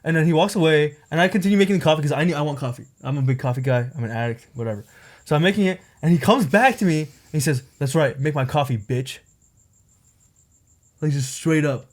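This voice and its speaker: A man's voice: a little high, animated, racing. A young man on a podcast telling a long personal story in casual chat, rambling and packed with filler words. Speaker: podcast co-host.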